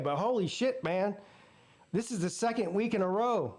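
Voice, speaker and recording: A man's voice: high voice, expressive, normal speed, darkish tone. A man hosting a live football watch party, casually ranting and telling stories with plenty of swearing. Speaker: sports channel host. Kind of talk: live game watch-party commentary and storytelling.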